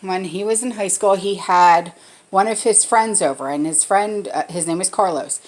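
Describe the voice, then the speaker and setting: A woman in her forties talks through her spice pantry in a relaxed home vlog, recorded while she cooks in her own kitchen. Her voice sits at an ordinary middle pitch, and she keeps checking in with the viewer with a quick "okay?". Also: a little hiss or hum. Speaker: vlogger. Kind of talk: casual pantry tour vlog.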